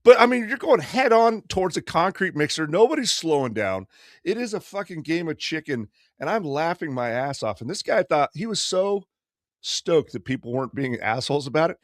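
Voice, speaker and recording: Animated, profane man telling stories. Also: on the high side, no room sound, clean studio sound. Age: 50s. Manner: profane, animated storyteller doing quick voices. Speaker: podcast co-host. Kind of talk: casual storytelling.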